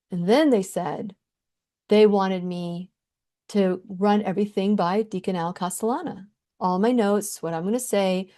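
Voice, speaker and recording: A woman's voice: medium pitch, mellow. A woman radio host telling a personal story in an earnest, heartfelt way, often restarting her sentences.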